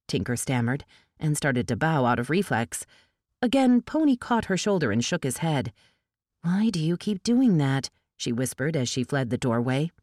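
Female audiobook narrator, low and dry, measured storytelling delivery. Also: darkish tone, dry recording. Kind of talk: scripted narration.

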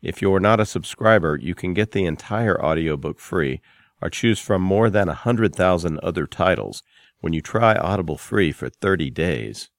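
A man announcing in a smooth, scripted promotional delivery. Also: deep voice, animated, moderate pace, no echo, clean studio sound.

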